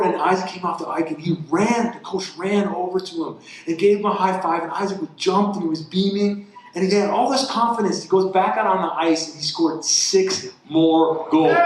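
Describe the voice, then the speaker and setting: A man's voice: sits high, normal speed. A man, a campus pastor giving a sermon in a conversational storytelling manner. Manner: conversational, voice rising with excitement in the story. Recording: very echoey hall.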